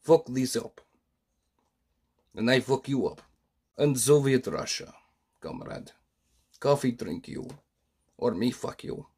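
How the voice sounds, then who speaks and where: A man's voice: medium pitch, lively intonation, takes it slowly, pauses often, darkish tone, breathy edge, exaggerated voice. A man playing a threatening male Russian comrade in a put-on Russian accent with broken grammar. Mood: menacing.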